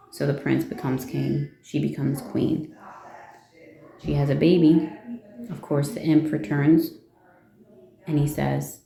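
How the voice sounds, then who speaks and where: A woman talks through a fairy tale in a slow, unhurried way, pausing to ask rhetorical questions and give her opinions. Her voice is low and gravelly, with a very dark, mellow tone. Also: echoey room. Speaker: vlogger. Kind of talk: casual storytelling from notes.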